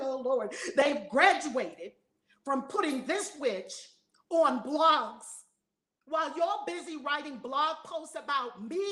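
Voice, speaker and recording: A woman's voice: high-pitched, sharp tone, echoey room. A woman teaching as a spiritual reverend in a fiery, preaching manner, blunt and emphatic, swearing and repeating lines for effect.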